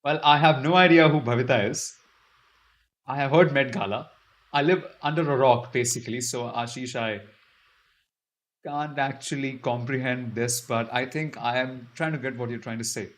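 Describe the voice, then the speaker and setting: A man's voice: mid-range voice, moderate pace. A man hosting a casual live-stream Q&A, reading out viewer comments and answering them with chatty, self-deprecating humor. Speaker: YouTube live stream host.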